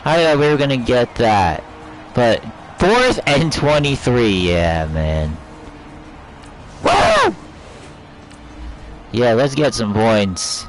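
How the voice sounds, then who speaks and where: Male gaming YouTuber: reactive, exclaiming, wildly varied pitch, faint noise behind. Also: very animated, slow pace, poor audio. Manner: reactive, exclaiming and complaining at the game. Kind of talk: casual gameplay commentary.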